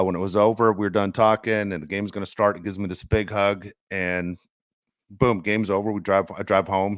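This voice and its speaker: A man's voice: sits low, dry recording, studio quality. A middle-aged man hosting a casual sports podcast, telling stories in an earnest, reflective way. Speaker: podcast host.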